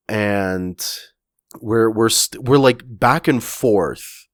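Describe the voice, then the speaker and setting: A man co-hosting a podcast, talking casually in a halting way with many fillers and restarts. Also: on the low side, no echo, clean studio sound. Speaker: podcast co-host. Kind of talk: casual chat, recapping a comic chapter.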